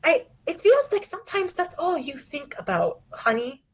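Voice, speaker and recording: A woman doing a soft, careful mother. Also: sits high, sing-song, moderate pace, pitched above the performer's own voice, low-quality recording. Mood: gentle. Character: gentle, patient middle-aged mother. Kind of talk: tabletop role-play voicing.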